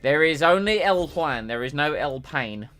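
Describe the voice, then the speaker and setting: A man casually commentating on his own racing game stream, jokey and rambling, getting excitable when the race starts. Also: a little high, a little slow, soft background music.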